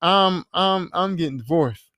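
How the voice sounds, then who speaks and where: A man's voice: sits high, pushed and bright, no echo, studio quality, heavily acted. A man doing a fed-up young woman. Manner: halting, casual slang.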